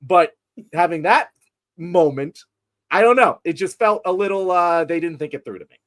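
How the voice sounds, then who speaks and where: A man with a fairly high voice argues his point about a film on a podcast. He swears often and stumbles over repeated words as he gets going. His delivery stays animated and casual. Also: moderate pace, a little hiss or hum. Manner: animated, profane, stammering restarts. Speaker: podcast co-host.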